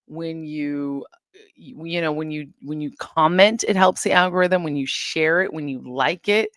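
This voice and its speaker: A woman's voice: sits low, fairly bright tone, dry recording, studio quality. A woman hosting a casual livestream from her home, chatting straight to viewers and reading their comments aloud. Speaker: livestream host.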